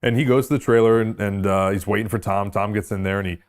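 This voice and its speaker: A man hosting a casual panel of makeup artists, telling stories in an animated way. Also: fairly low pitch, fast, smooth. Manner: animated storyteller.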